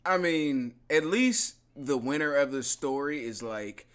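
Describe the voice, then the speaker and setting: A man co-hosting a comedy podcast over a video call, joking and bantering in a lively, slangy way. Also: medium pitch, unhurried, smooth. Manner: animated, laughing banter with slang. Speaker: podcast co-host. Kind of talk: casual comedic chat.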